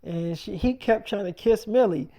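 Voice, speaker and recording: A woman's voice: medium pitch, moderate pace, dark tone. A woman casually retelling a made-up story in slangy speech, full of quoted dialogue. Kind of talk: freestyle storytelling.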